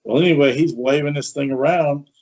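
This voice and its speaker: A man hosting a podcast, chatty and animated as he tells a story with asides. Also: a little high, fairly quick. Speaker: podcast host. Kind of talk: casual storytelling. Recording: dull lo-fi sound.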